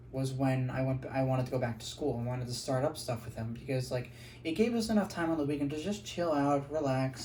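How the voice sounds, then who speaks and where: A man vlogging casually, earnest and grateful, talking haltingly with many fillers and restarts. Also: medium pitch, a little mellow, slight background noise. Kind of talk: casual vlog talk.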